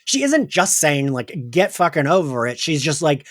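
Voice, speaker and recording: A chatty podcast co-host who rambles through a casual discussion, full of fillers and acted-out lines. The pitch swings widely. It sounds close and dry, with no room sound. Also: very animated, normal speed, hardly any pauses, a bit bright, no echo. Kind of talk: casual chat.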